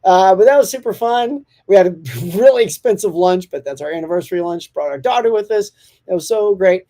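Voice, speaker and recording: A man hosts a relaxed morning live stream, chatting warmly and reading out viewer comments. His voice is mellow and rounded. He stays upbeat and talkative, with frequent laughter. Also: high voice, fairly quick. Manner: reads out and answers viewer comments.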